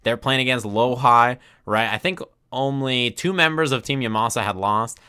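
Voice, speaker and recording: A man's voice: medium pitch, clean tone. A man streaming from his desk, retelling a tournament story in casual commentary and acting out the crowd's reactions. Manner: animated, acts out crowd reactions with quick asides.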